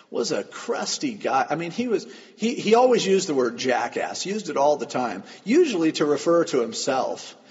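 A man preaching a sermon as a pastor, telling stories and swinging between quiet asides and loud, emphatic lines. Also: medium pitch, gravelly. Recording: long hall reverb, dull lo-fi sound.

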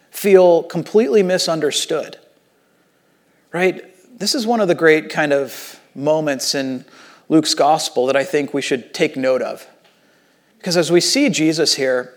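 A male pastor preaches in a lively, conversational manner. His voice sits a little higher than most men's. He moves between loud, emphatic passages and quiet, hushed ones. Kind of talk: sermon.

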